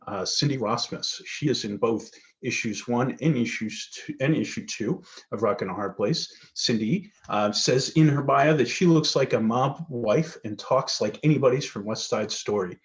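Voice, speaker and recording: A man's voice: mid-range voice, moderate pace, few pauses. A man from New Jersey hosting a virtual reading, introducing the next author from her bio with a few fillers. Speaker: host introducing readers. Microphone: video call. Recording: dull lo-fi video call audio.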